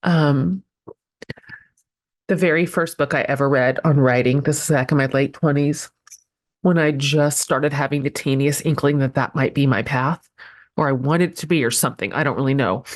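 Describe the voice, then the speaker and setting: A woman's voice: very deep voice, moderate pace. A woman in her forties hosting a podcast, introducing her guest with gushing emotion and plenty of ums and restarts. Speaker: podcast host.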